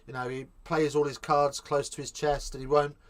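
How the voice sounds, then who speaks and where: Excitable high-voiced English fan commentator. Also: male voice, normal speed. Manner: excitable, rising to shouts on attacks; casual chat reading live chat between plays. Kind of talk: live watch-along commentary.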